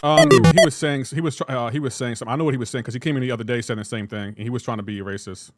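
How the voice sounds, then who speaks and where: A young man live-streaming a mobile game, joking back and forth with his chat in a casual, animated way. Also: medium pitch, rapid-fire, dry recording, clean studio sound.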